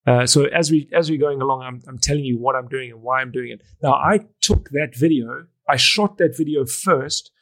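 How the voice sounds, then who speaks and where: A middle-aged wedding photographer and educator tells stories in a podcast interview, acting out the conversations he remembers. His mid-range voice moves at a moderate pace with few pauses, animated and full of restarts.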